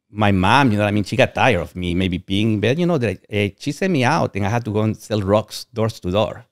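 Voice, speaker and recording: This podcast guest, a man from Guatemala, tells candid, rambling stories from his life and leans on "you know what I mean." His pitch is fairly low, and he's recorded cleanly in a studio without echo.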